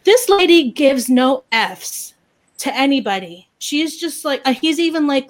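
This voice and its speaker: A woman chatting casually as a podcast host, ranting in an animated, opinionated way. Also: high voice, measured pace. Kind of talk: casual chat.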